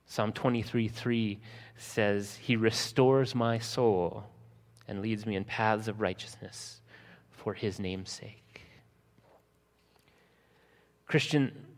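A man preaching a sermon, slowing for emphasis and acting out scenes from the text in lively voices. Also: on the low side, in a large hall. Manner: lively storytelling, acting out disciples' panic in a raised voice. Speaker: pastor.

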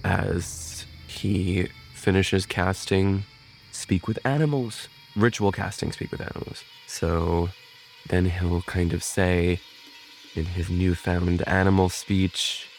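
A man playing a tabletop game, describing his wizard's spellcasting in a measured, drawn-out way. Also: deep voice, fairly even intonation, creaky, slight background noise. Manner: measured, drawn-out, in-character declarations. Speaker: player. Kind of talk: tabletop role-play narration.

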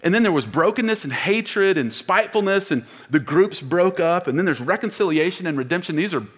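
His voice is high, husky and a bit bright, and he preaches in a brisk, animated way. The pastor is emphatic, leading call-and-response with the congregation. He wears a mic in a church auditorium, and the sound has long hall reverb.

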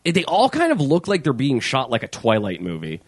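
A man co-hosting a casual podcast, rambling loosely and cursing freely, with plenty of fillers and false starts. His voice sits at a middling pitch. The sound is dry and close. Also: huge pitch swings, fairly quick, slightly rough, dry recording. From United States. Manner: rambling, profane, many fillers and restarts. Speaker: podcast co-host. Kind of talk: casual chat.

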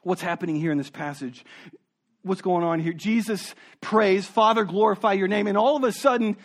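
A man preaching a sermon as a pastor, earnest, dropping low and soft for emphasis and often repeating words as he searches for them. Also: normal speed.

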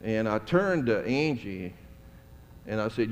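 Here a middle-aged pastor with a lowish, very animated voice tells stories from the pulpit, speaking slowly and leaving long pauses. It's a storytelling sermon in a church sanctuary, folksy and conversational with chuckling asides, recorded with long church hall reverb.

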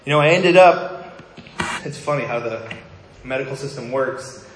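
A man's voice: mid-range voice, moderate pace, a little hiss or hum. A male pastor giving a sermon, telling a personal story in a candid, conversational way with wry asides. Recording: echoey hall with long reverb.

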